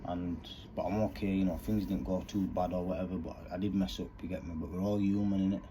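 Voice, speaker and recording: A man's voice: low voice, steady tone, fast, mellow, a little hiss or hum. A man, talking earnestly in rambling street slang about fatherhood. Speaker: vlogger. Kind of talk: candid monologue.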